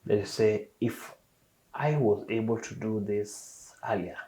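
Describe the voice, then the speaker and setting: A middle-aged man hosting a podcast interview, asking long, measured questions full of ums and uhs. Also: lowish voice, warm tone, poor audio. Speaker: podcast host.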